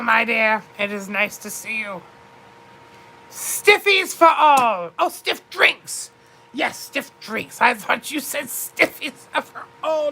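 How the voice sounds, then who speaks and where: A gushing, boozy duchess, as a woman puts her on, with a put-on British accent and a high, sparkling voice. She speaks slowly and grandly and calls everyone darling as she reads the chat of a comedic livestream. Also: bright, forceful tone, exaggerated voice. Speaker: livestream host in character.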